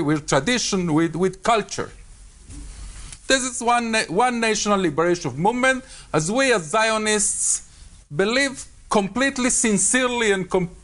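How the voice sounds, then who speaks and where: A man speaking English with a Spanish accent as a debate panelist, pausing often with fillers and repeated words. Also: high-pitched, a bit bright. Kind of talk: public debate talk.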